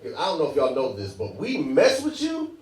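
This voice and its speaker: A man's voice: medium pitch, huge pitch swings, brisk, a little mellow. A man doing a stand-up comedy set on a club stage, loose and chatty, laughing at his own jokes. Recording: echoey club, mic at a distance, crowd.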